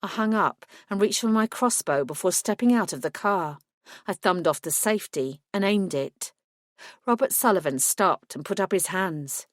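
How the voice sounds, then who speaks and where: A woman narrating a first-person audiobook in a steady, clear storytelling voice. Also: mid-range voice, normal speed, no echo, clean studio sound.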